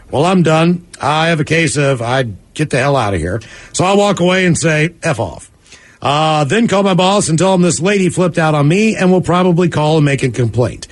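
A man with a somewhat high voice hosts a radio show and reads listener emails out loud. His delivery is lively and conversational, with quick asides between the stories. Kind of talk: reading listener emails on air.

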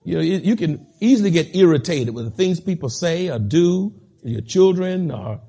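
A man preaching a sermon, reading scripture slowly with heavy stress and building to emphatic, impassioned peaks while calling on the congregation directly. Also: on the high side, lively intonation, mellow, breathy edge.

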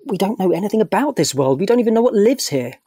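A man doing a calm, cautious boy. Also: high voice, breathy edge, no echo, studio quality, voice pushed up, full character voice. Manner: calm and measured. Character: thoughtful, cautious boy leader.

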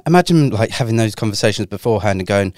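A man's voice: on the low side, animated, fast talker, darkish tone, dry recording, clean studio sound. A man from London with a London accent, co-hosting a podcast in a laid-back, teasing way. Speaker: podcast co-host. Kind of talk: casual chat.

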